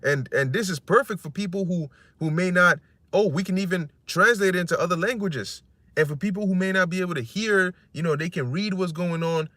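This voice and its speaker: A man's voice: sits high, a little fast, a bit bright, no room sound. A man preaching casually on scripture, rambling and conversational, acting out voices he quotes and cursing freely.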